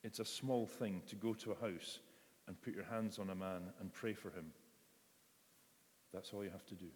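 A man preaches in a conversational way and acts out voices in quotes. His voice sits a little low, and it rings with the long reverb of a large church hall. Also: fairly even intonation, moderate pace, a little mellow. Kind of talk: sermon.

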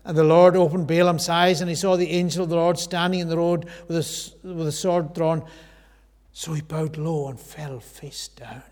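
A man preaching a sermon in a church hall, earnest, rising to loud emphasis and sinking to near whispers. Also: a little high, steady tone, moderate pace. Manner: earnest, swells loud then drops to a hush. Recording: long hall reverb.

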